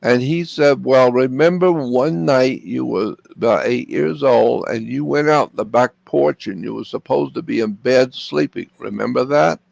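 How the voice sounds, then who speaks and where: Older man from Florida, gravel in the voice, dry close sound, earnest storyteller. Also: mid-range voice, a little slow, few pauses, a little mellow, no room sound. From Florida, USA. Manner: earnest, repeats phrases for emphasis. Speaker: interview guest. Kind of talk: personal storytelling.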